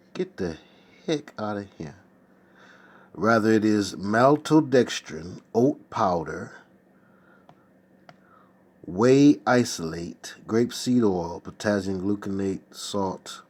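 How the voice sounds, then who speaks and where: A man's voice: low-pitched, a little mellow. A man hosting a casual stream from his desk, reading viewer comments aloud with exclamations and chatty asides. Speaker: host. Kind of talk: casual livestream chat. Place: at a desk at home.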